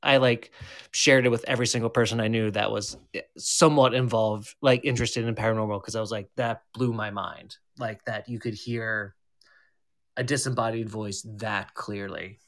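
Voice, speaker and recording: A man on a podcast team, describing an experience in an earnest, halting way with many restarts. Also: lowish voice, fairly even intonation, fairly bright tone. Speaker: team member, paranormal investigator. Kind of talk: casual chat.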